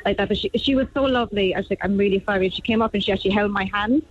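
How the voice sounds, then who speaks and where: A woman calling in to a radio show tells her story in a halting, heartfelt way. Her voice comes through a dull, muffled phone line at a middling pitch. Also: a little hiss or hum. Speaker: caller.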